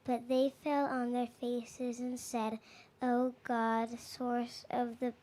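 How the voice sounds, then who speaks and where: A woman from the congregation reading scripture aloud, slowly and hesitantly, from some distance. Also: fairly high pitch, flat delivery, mellow. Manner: hesitant, halting. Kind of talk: slow careful reading aloud.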